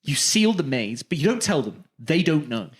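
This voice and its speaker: Animated man pitching wild ideas. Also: normal speed, slightly rough. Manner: animated, jokey, pitches wild ideas with mock-salesman bravado. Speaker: podcast co-host. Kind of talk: casual comedic chat.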